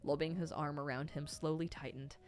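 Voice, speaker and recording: Lowish-voiced woman reading a novel aloud. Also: normal speed, faint music behind. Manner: expressive, with emotional asides. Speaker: novel reader.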